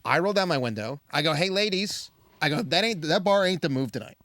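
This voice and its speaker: A young man on a podcast, spinning a bar story with lively swings in pitch and a voice sitting a bit high. He slips into other people's voices as he tells it. The sound is dry and close to the mic. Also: brisk, dry recording. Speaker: podcast co-host. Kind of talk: casual chat.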